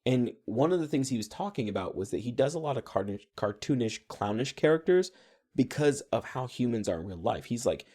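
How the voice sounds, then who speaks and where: A young man co-hosting a podcast, chatting casually and laying out facts in a relaxed way. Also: medium pitch, fast. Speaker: podcast co-host. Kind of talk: casual chat.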